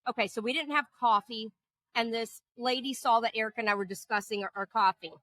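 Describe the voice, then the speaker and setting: A woman co-host in casual chat, her voice bright and fairly high, dry with no room sound. She is jet-lagged and tells stories in a lively, profane way. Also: fast talker, no room sound. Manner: chatty storyteller, animated and profane. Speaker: podcast co-host. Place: indoors at a table.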